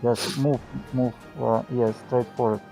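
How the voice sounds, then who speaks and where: A man runs an online game for a stream, giving short, direct instructions in simple English. His voice is gravelly, with a mid pitch. Faint music plays behind him. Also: level tone, a little slow, dark tone. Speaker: game master. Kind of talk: casual live stream chat.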